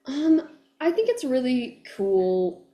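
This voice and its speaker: A woman voice actor chatting as an interview guest, animated and full of fillers, acting out fans' excited voices. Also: high voice, takes it slowly. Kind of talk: casual interview chat. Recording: echoey room.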